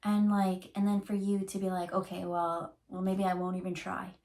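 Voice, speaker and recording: A woman's voice: medium pitch, a little mellow. A woman giving a casual tarot reading, talking in a chatty, rambling way full of fillers and restarts. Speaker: tarot reader.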